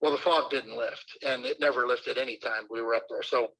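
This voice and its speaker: Older coach with a bright voice. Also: male voice, mid-range voice, fairly even intonation, fairly quick, rough recording. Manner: rambling anecdotes with many fillers. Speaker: baseball manager. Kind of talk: relaxed interview storytelling.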